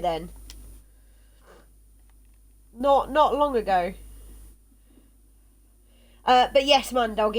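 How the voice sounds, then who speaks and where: A tired woman streaming a game live, chatting in a rambling way with fillers and laughs. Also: a little high. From South West England. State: yawning, tired. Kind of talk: casual live gameplay chat.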